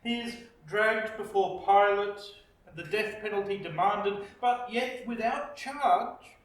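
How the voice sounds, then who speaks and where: A man with an Australian accent preaching a reflective sermon as pastor, slow with dramatic pauses. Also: sits high. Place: church. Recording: echoey church, distant mic.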